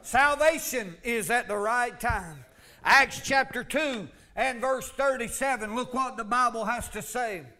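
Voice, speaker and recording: A man preaching a fervent sermon, swinging from loud calls to low asides. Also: a little slow. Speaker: pastor.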